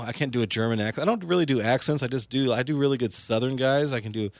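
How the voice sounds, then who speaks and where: A man's voice: mid-range voice, fast talker, no room sound. A man hosting talk radio as a comedian, delivering a casual, rambling monologue full of fillers, sarcasm and self-mockery from a studio microphone.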